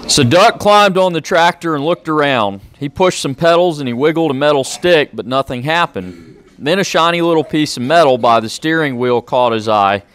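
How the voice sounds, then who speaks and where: A police officer reading a children's picture book aloud, with friendly, plain-spoken asides to young listeners. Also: male voice, on the high side, lively intonation, normal speed, fairly bright tone, a little hiss or hum. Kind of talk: children's storybook read-aloud.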